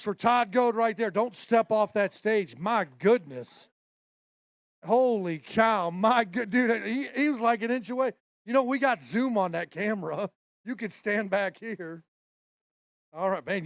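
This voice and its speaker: High-voiced joking weigh-in emcee man. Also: a little slow, no room sound, studio quality. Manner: energetic, joking, calls out weights to a crowd. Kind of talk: live event announcing.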